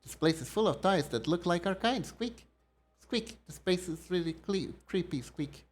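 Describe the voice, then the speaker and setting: A man voicing a small, timid, polite mouse-like creature from a game, adding little squeaks between lines. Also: lively intonation, moderate pace. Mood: squeaky polite. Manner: high squeaky voice punctuated by squeaks. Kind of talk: reading game dialogue aloud in character.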